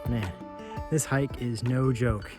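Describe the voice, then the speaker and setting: A man's voice: mid-range voice, takes it slowly, music in the background. A man vlogging outdoors on a mountain hike, earnest and plain-spoken, tired and out of breath from the climb. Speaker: travel vlogger. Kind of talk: casual hiking vlog.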